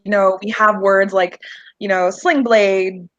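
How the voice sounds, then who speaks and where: A woman's voice: medium pitch, steady tone, unhurried, slight background noise. A woman guest in a casual livestream book chat, eager and full of fillers and laughs. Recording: dull dry remote audio.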